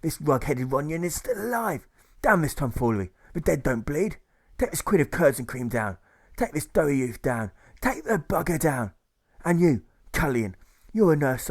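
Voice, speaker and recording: A man's voice: fairly high pitch, pitched above the performer's own voice. A man voicing a cruel, blustering middle-aged military police officer who hisses and barks angry orders in an audiobook. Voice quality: hissing, spitting.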